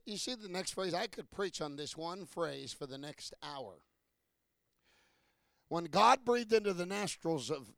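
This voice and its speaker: A man preaching a sermon to a congregation, asking questions and building from low talk to shouted peaks. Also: vocal fry, no room sound, clean studio sound.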